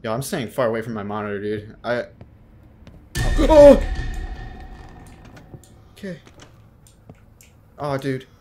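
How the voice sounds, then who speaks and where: A man's voice: mid-range voice, normal speed, pauses often, a little hiss or hum. A young man giving horror game commentary, jumpy and slangy, yelping when startled and talking back to the game. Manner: slangy, keeps saying dude and bro. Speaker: gaming video host.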